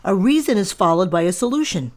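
A woman's voice: medium pitch, expressive, brisk, a little mellow. A middle-aged woman hosting her own podcast, talking firmly and directly to listeners in a lecturing monologue. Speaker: podcast host and diet center owner.

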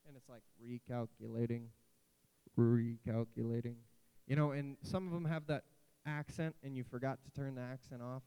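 Briskly and with few pauses, a youth pastor in his late twenties delivers a casual sermon in a clean, mid-range voice. His storytelling is animated, full of asides and jokes, while the poor audio carries a faint hiss.

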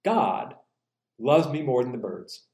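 A man preaching a sermon in an animated way, acting out quoted voices and slowing down for emphasis. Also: mid-range voice, roomy sound. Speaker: pastor.

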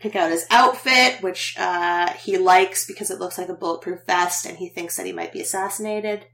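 A woman's voice: lowish voice, fairly even intonation, normal speed, creaky, fairly bright tone. A woman podcast host casually recapping a TV episode, chatty and laughing often.

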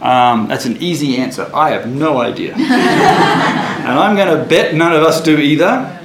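A man's voice: fairly high pitch, animated, normal speed, a crowd in the background. A man leading a casual Bible study, chatty and laughing, often restarting his sentences. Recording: echoey room with faint noise.

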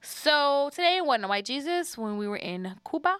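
Lively New woman telling a story. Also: sits high, normal speed, dry recording, clean studio sound, soft background music. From New Orleans. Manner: animated storytelling, laughs often. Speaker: podcast co-host. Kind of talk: casual chat.

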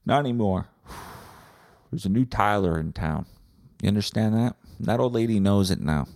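A man with a lowish, dark voice rants through a profane, combative comic monologue. He is close on a podcast mic in a dry, dead-sounding space. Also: normal speed, gravelly, dry recording. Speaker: podcast host. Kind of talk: comedic rant monologue.

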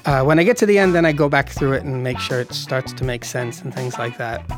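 A man's voice: medium pitch, expressive, brisk, music in the background. Rambling, laughing guest filmmaker man. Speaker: guest writer-director. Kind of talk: casual interview chat.

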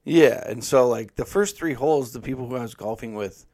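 A young man with a gravelly, creaky voice chats casually on a podcast. He tells loose, profane stories in a relaxed way. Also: medium pitch, brisk. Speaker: podcast co-host. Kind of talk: casual chat.

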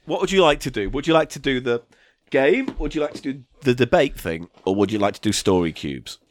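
A man's voice: mid-range voice, lively intonation, a little fast, slight background noise. A man co-hosting a comedy podcast, talking in a plain, indignant way. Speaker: podcast co-host.

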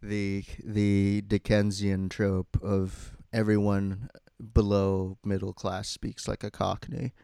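An easygoing man chatting as a co-host, with frequent laughs and wry asides. His voice is low-pitched and smooth. It is recorded close and dry, with no room sound. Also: completely flat delivery, slow, mellow, dry recording. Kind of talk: casual chat.

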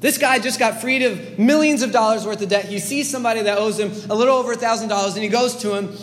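Guy preaching, high voice, big echoey hall, kinda earnest and pushy, trips over words sometimes. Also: quick pace, few pauses, a bit bright. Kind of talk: sermon. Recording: long hall reverb, faint background noise.

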